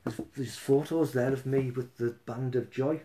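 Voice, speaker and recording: A man, a musician, talking in a rambling, chatty way with quick asides. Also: mid-range voice, steady tone, warm tone, a little hiss or hum. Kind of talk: casual chat and singing with guitar.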